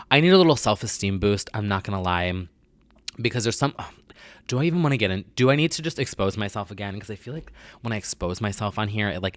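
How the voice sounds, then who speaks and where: Young male vlogger, lowish voice, dry close sound, rambling and confessional, lots of "like.". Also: fairly bright tone, no room sound. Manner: rambling, self-deprecating, heavy use of "like"; confessional and candid. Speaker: vlogger host. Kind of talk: casual chat to camera.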